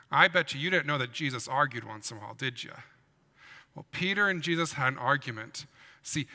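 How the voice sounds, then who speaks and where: A man, a pastor, giving an animated children's sermon in a church and asking his listeners questions as he tells the story. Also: on the high side, creaky, long reverb tail. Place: church sanctuary.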